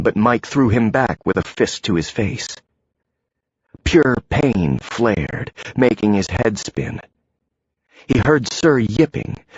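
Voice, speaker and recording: A man narrates an audiobook in a measured, deliberate voice, slow and a little low. His tone is husky. The recording is dry and slightly dull. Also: no room sound. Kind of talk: scripted narration.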